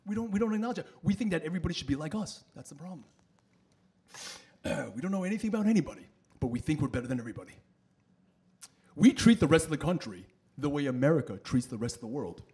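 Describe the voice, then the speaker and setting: A man doing a loud, animated stand-up set in the back room of a bowling alley, working the crowd. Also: on the high side, fast. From New York. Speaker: stand-up comedian.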